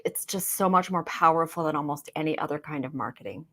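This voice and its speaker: A woman with a somewhat low voice joins the discussion as a co-presenter. She speaks in a reflective way and affirms the other speaker's points. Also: quick pace, pushed and bright. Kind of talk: conversational discussion.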